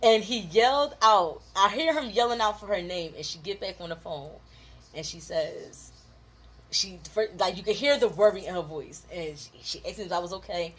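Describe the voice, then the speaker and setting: A woman's voice: medium pitch, slightly rough. Laughing woman telling stories. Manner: animated, laughing often, quick asides with "like". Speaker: co-host of a couples channel. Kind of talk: casual storytelling chat.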